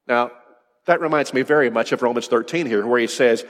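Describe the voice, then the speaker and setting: A man's voice: medium pitch, a little fast, long reverb tail. A man preaching a sermon, emphatic, firing off rhetorical questions and repeating his words as he drives a point home.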